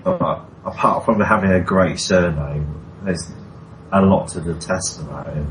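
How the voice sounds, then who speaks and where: A man's voice: sits low, a little slow, fairly bright tone, slight background noise, low-quality recording. A man co-hosting a podcast, grumbling with dry sarcasm while chatting about a TV episode. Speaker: podcast co-host. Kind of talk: casual chat reviewing a TV episode.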